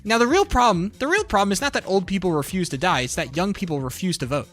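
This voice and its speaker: High, bright-voiced man ranting profanely. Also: expressive, quick pace, faint music behind. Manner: profane, heated, rambling. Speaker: livestreamer. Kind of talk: casual political rant while gaming.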